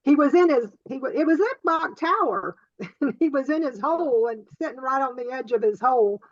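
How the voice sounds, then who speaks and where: A woman with a somewhat high voice talks about her photo, putting herself down and laughing often. The sound is dry and a bit muffled. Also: expressive, a little fast, dry recording. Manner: self-deprecating, laughs often. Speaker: club member. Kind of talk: casual chat.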